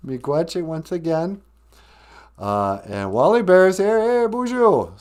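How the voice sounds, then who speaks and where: Streaming casually from home, a man whose voice runs on the high side speaks slowly, very animated and a little mellow. This podcast host jokes, mocks himself and teaches Ojibwe words while faint guitar music plays behind him.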